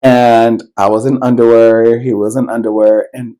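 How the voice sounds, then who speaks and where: A man's voice: medium pitch, little pitch movement, normal speed, warm tone, poor audio. A man co-hosting a podcast, telling a personal story in loose, rambling casual chat, full of fillers and swearing. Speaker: podcast co-host.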